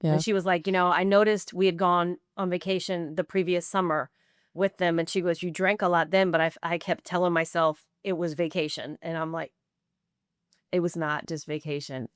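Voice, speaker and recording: A woman's voice: lowish voice, fairly even intonation, normal speed, clear, resonant tone, no room sound, studio quality. A woman in her forties, a podcast guest, telling a candid personal recovery story in a conversational way, full of "like" and quoted self-talk.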